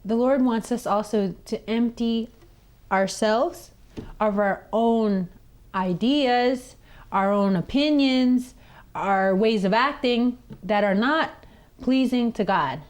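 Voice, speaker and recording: A woman, a nun and teacher, hosting a children's TV chat, gentle and teacherly, telling a story and acting out its voices. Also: on the high side, slow.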